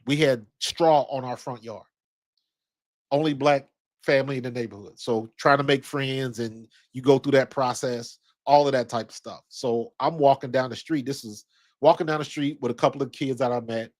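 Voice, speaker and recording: Here the same kind of speaker, a man in his fifties raised in Ohio, USA, chats loosely about basketball and tells personal stories with slang, bluntness and occasional profanity. His mid-range voice keeps a fairly even intonation at a moderate pace.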